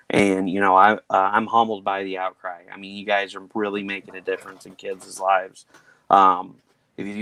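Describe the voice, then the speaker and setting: Low-voiced earnest man, dry sound. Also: a bit bright, no room sound. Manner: earnest, chatty, many fillers. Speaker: charity fundraiser organizer. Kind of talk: casual livestream chat.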